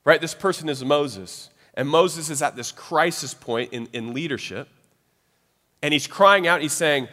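A man's voice: on the high side, lively intonation, normal speed, bright, forceful tone. Conversational male preacher in a reverberant hall. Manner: conversational, frequent "right?" tag questions. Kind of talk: sermon.

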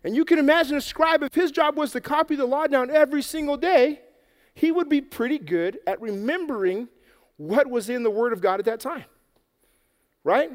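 A man telling a Bible story to children in a lively, playful way, acting it out and getting out of breath. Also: very high voice, normal speed, in a large hall. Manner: energetic, playful, acts out the story. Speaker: children's preacher. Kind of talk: animated Bible story for kids. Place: church hall with an audience.

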